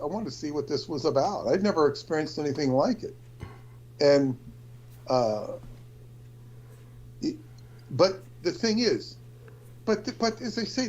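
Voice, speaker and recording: A man's voice: a little high, darkish tone, muffled recording, a little hiss or hum. A man talking in a casual conversation, rambling and hesitant, often restarting his sentences.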